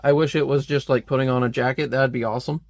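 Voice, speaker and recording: A man's voice: medium pitch, steady tone, fast talker, dry recording. Chatty man reviewing comics. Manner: chatty, amused.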